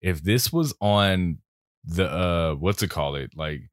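A man with a very deep voice banters on a casual podcast, slangy and quick with a joke. His voice is recorded close and dry. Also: no echo. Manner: joking, animated, slangy. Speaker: podcast co-host. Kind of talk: casual chat.

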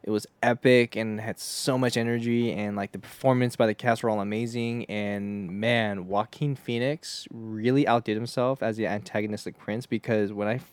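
Brief: man, 30s, lowish voice, excitable laughing podcast co-host, dry close recording. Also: moderate pace, hardly any pauses, clear, resonant tone, no echo. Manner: chatty and excitable, laughs often, says "dude". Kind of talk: casual film review chat.

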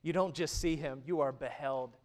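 A man in his thirties preaching a sermon, who moves from loud, emphatic stretches to hushed, intimate ones. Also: on the high side, moderate pace. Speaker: pastor.

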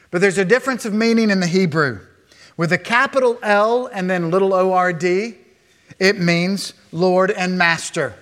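A man with a somewhat high voice preaches a sermon. He moves between quiet, earnest passages and raised, emphatic declarations, teaching his congregation as he goes. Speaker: pastor.

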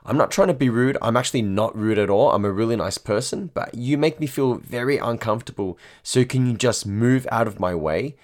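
A man quoting a tipsy, indignant young woman in his own voice, a little higher. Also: fairly quick, few pauses, natural voice.

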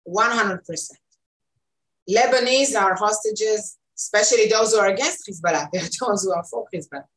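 A woman's voice: mid-range voice, moderate pace. Emphatic Israeli woman analyst. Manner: emphatic, repeats words, frequent fillers. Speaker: interview guest, analyst. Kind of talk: conversational political analysis. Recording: echoey room.

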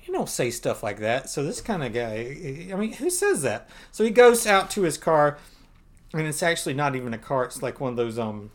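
A man's voice: fairly high pitch, huge pitch swings, normal speed. A man co-hosting a podcast, chatting casually through a comic book recap and often laughing. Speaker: podcast co-host.

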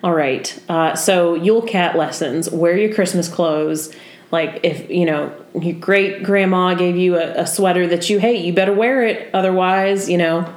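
A young woman co-hosting a podcast, easygoing and quick to laugh. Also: on the low side. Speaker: podcast co-host. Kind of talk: casual chat. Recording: roomy echo.

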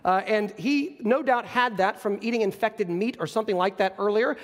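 High-voiced male pastor preaching. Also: moderate pace. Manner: earnest, explanatory preaching with frequent restarts. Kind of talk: sermon. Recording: long reverb of a large hall.

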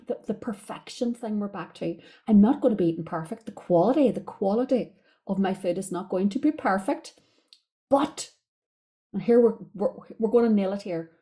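A woman's voice: on the low side, dark tone. A middle-aged Irish woman, a diet coach hosting a podcast, chatting casually as she retells conversations with her clients. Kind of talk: casual storytelling monologue.

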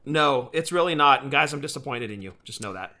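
A man's voice: medium pitch, lively intonation, brisk, sharp tone. A man co-hosting a casual podcast, talking enthusiastically and calling people "dude.". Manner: enthusiastic, says "dude" a lot. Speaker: podcast co-host.

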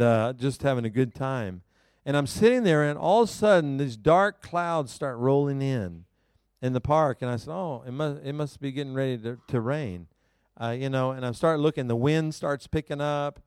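A male pastor preaching a sermon to a congregation, telling a personal story in an animated, self-mocking way and laughing often. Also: fairly high pitch, smooth, no room sound, studio quality. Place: church service before a live congregation.

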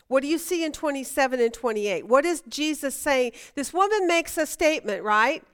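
A woman's voice: high-pitched, lively intonation, moderate pace. A woman teaching a Bible study class, chatty and emphatic, asking her students questions.

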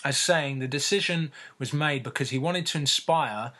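A man telling a story in casual podcast chat, laughing often and filling pauses with ums and uhs. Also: mid-range voice, sharp tone.

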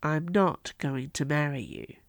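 A woman's voice: a little high, very animated, normal speed, no echo, pitched above the performer's own voice. A woman voicing an earnest young prince. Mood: firm. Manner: earnest, urgent questions.

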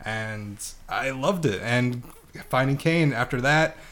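A young theater student in casual conversation. He rambles and hesitates, restarting his sentences often. His voice sits at a medium pitch for a man. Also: slow, a bit bright. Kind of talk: casual chat.

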